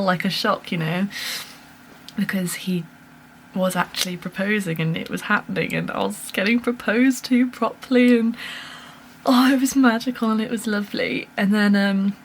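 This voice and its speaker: A woman's voice: medium pitch, slight background noise. A woman chatting casually to camera at home, telling a story animatedly with laughs and fillers. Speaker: vlogger. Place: home room with a lamp.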